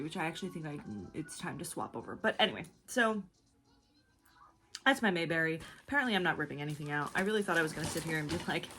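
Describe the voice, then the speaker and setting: Young woman rambling about her knitting, super animated up and down, bright voice, bit of faint noise. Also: low voice. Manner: chatty, rambling, lots of fillers. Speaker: knitting podcast host. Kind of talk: casual chat.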